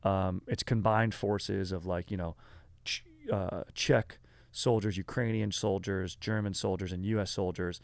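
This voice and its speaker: Low-pitched man, gravelly fry, casual podcast host, rambling with fillers, slangy, dry close sound. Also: fairly even intonation, a little slow, dry recording. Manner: rambling, filler-heavy, slangy, says dude and bro. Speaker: podcast host telling a history story. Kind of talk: casual conversational storytelling.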